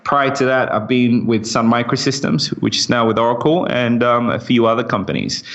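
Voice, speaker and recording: British male guest with a slight American lilt, talkative and quick to laugh. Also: medium pitch, vocal fry, a bit bright, muffled recording. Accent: British with slight American twang. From England. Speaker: guest, company CEO. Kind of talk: casual interview chat.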